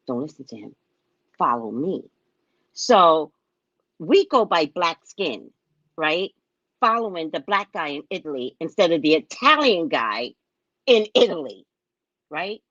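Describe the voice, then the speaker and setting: A woman hosting her show, casually telling a funny travel story, animated and acting out what people said, often asking "right?". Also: medium pitch, no room sound, muffled recording. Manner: animated, acts out other people's lines; frequent tag question "right?". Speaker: show host and psychic reader.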